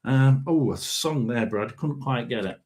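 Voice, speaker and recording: Slow, halting man reading tarot. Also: mid-range voice, lively intonation, darkish tone, a little hiss or hum. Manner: rambling and halting, with frequent ums and throat clearing. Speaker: tarot and spirit box reader. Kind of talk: casual livestream reading.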